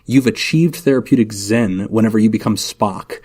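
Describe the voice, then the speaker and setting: A man co-hosting a casual podcast as a therapist, talking in a lively, animated way with jokey asides. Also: on the low side, normal speed, husky. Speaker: therapist co-host.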